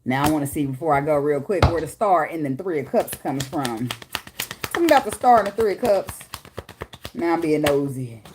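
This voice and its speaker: Deep-voiced and brisk with lively intonation, a woman does a relaxed tarot reading at home, her daughter nearby, with background noise audible. She's profane and direct, laughing and bursting into occasional snatches of song.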